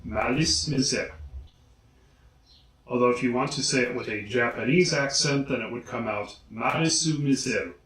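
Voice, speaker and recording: A man hosting a casual video guide, slowly and deliberately enunciating each name. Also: medium pitch, a bit bright. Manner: slow, deliberate enunciation of names. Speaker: vlogger. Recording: echoey room.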